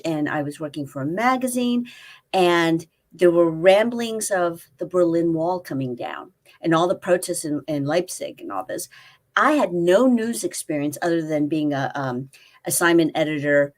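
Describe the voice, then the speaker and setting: A woman in her fifties, a life coach and guest, chatting casually and telling stories, acting out quoted dialogue. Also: lowish voice. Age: 50s. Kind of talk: casual interview chat. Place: spare room at family home.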